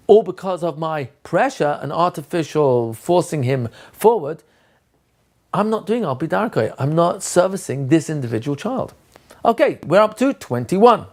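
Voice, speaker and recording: A man giving a lecture to teachers on how to teach children, acting out short scenes of teacher and pupil as he explains. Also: fairly high pitch. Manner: animated, acts out teacher and child voices. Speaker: teacher trainer.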